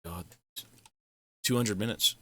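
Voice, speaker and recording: A male live streamer chatting casually and thanking donors, excitable and effusive, swearing freely. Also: fairly low pitch, takes it slowly, no echo.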